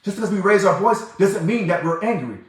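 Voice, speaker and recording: This livestream host's voice sits high and sounds animated and brisk as he fires back at viewer comments, emphatic and heated. Everything echoes heavily around the room.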